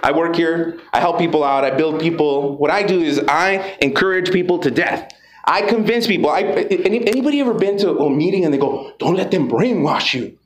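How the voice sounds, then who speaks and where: A man giving an energetic, profane motivational talk to a live audience, calling out to the crowd. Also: a little high, a little fast. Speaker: motivational speaker. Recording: echoey room with background noise.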